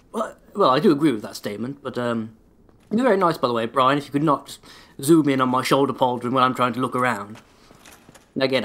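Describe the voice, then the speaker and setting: A man's voice: medium pitch, a bit bright. Rambling, sarcastic man gaming. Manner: rambling, sarcastic, swears often. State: sore throat, voice held back. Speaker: let's play gamer. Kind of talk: casual gameplay commentary.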